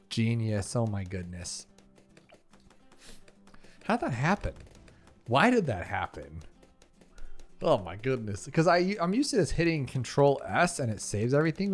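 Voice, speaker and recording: A man giving casual commentary over gameplay, rambling into talkative, emphatic stories and sounding exasperated. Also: lowish voice. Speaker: gaming video creator.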